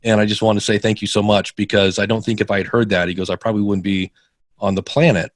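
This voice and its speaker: A middle-aged man with a fairly low voice tells stories in a relaxed interview, jumping way up in pitch whenever he quotes someone. The sound is dry and close, with no room around it. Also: fast, no echo. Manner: animated, acts out quoted voices with big pitch jumps. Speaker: podcaster guest. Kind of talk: casual interview storytelling.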